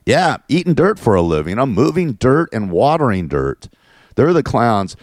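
A man's voice: mid-range voice, sing-song, normal speed, no echo, studio quality. A man hosting his own show, ranting in a crude, sarcastic and mocking way. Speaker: show host. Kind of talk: ranting monologue.

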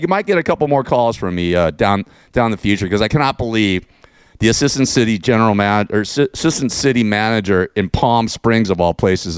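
A man's voice: on the low side, animated, fairly quick, clear, resonant tone, dry recording, clean studio sound. Sarcastic ranting male radio host. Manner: sarcastic, rambling, laughs often.

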